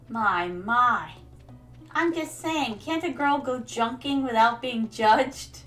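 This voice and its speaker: A young woman streamer chats playfully during casual gameplay commentary, calling her viewers her darlings. Her voice sits on the high side and is a bit bright.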